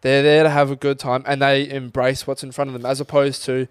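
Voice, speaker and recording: A man's voice: mid-range voice, little pitch movement, brisk, smooth, no room sound, studio quality. Chatty young man. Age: young adult. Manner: chatty, rambling, uses bloke and mate. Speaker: podcast co-host. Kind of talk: casual chat.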